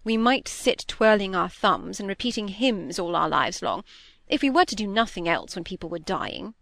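A woman's voice: medium pitch, animated, normal speed, creaky, no echo. A woman reading aloud and voicing a fussy, self-absorbed middle-aged stepmother who chatters and brushes off objections. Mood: dismissive. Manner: chattering, dismissive, sharp.

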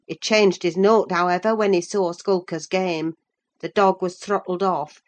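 A woman reading a novel aloud in steady, measured narration. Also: on the low side. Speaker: audiobook reader. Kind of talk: scripted narration.

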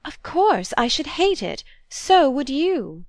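A light-voiced young society fiancée, bright and self-assured, as a woman narrator puts her on. She sits a touch higher than the narration. The storybook reading is dry and close. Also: very animated, slow pace, dry recording, exaggerated voice. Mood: irritable.

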